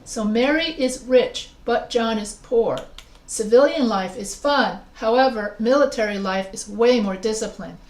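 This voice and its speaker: A woman's voice: on the high side, unhurried. Woman teaching a writing class online. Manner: explains step by step, quizzes students with questions. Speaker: writing instructor. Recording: roomy echo with faint noise.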